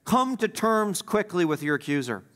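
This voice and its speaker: Pastor, male, higher-pitched voice, emphatic sermon delivery, repeats phrases for stress, drops into quiet asides. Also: very animated, normal speed. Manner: swings between loud stresses and quiet asides.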